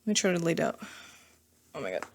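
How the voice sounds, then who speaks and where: A woman's voice: deep voice, big pitch swings, quick pace. A woman giving a casual tarot reading to camera, chatty and thinking aloud, often laughing at herself. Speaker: tarot reader.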